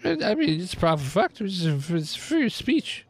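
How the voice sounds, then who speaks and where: A man's voice: high-pitched, very animated, unhurried, husky, heavily acted. A man voicing a drunk, frightened village barman, rambling and evasive.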